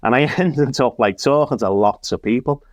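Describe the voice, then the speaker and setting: A man with a Liverpool accent tells a lively anecdote in an ordinary mid-range voice. He acts out the dialogue as he goes. The recording is dry and close. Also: mid-range voice, moderate pace, no echo. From Liverpool, England. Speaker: guest comedian and minister. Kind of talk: casual anecdote.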